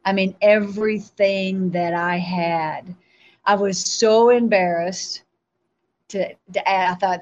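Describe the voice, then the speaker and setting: A woman, a guest on a show, telling a spiritual testimony in an animated storytelling way, acting out her own replies. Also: mid-range voice, slow pace.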